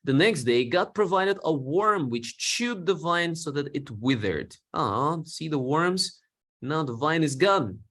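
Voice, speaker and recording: Man telling a Bible story, slow and clear. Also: fairly high pitch, lively intonation, fairly bright tone. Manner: explains words simply, slows down for learners; acts out quoted lines with feeling.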